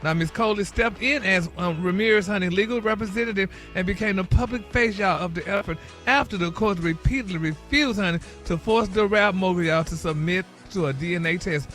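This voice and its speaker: A high-pitched man with a bright, forceful voice dishing celebrity gossip on a morning radio show. He talks in a chatty run, tossing "honey" and "y'all" into nearly every phrase. Faint music plays under him. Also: a little fast, hardly any pauses. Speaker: celebrity gossip segment host.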